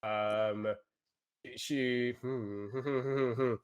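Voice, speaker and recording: A man's voice: medium pitch, moderate pace, a bit bright, clear, resonant tone. Rambling, jokey man playing a game. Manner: rambling, jokey, with many fillers. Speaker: player. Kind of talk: casual tabletop play.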